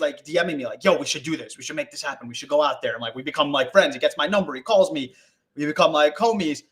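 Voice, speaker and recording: A young man telling a rambling story as a guest on a live video call, animated and full of swearing and acted-out quotes. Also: fairly high pitch. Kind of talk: casual storytelling on a live stream.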